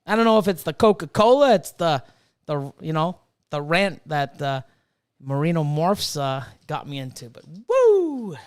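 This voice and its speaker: A fifty-something man with a high-pitched, smooth voice rants profanely and casually. He swears freely and breaks off to read viewers' chat aloud. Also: normal speed. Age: 50s. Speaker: livestream host and snake breeder.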